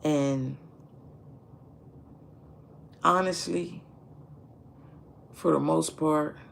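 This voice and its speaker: Slow, gravelly-voiced man telling his story. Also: a little high, steady tone, fairly bright tone, slight background noise. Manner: candid, profane, reflective, repeats phrases. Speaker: streamer. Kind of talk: casual personal storytelling.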